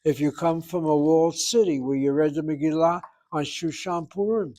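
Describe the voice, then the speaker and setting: A man teaching a Hebrew class, explaining pronunciation and slowly repeating words for students to copy. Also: on the high side, mellow. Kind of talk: classroom lecture.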